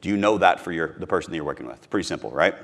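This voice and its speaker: A man's voice: low-pitched, lively intonation, very fast. A man from Missouri giving a live sales training talk to a room, emphatic and repeating his key points.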